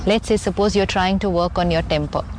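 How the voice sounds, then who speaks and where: Woman, calm spiritual teacher, earnest and repetitive for emphasis, faint hiss behind. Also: lowish voice, a little fast. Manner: calm, earnest, repeats key phrases for emphasis. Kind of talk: conversational teaching.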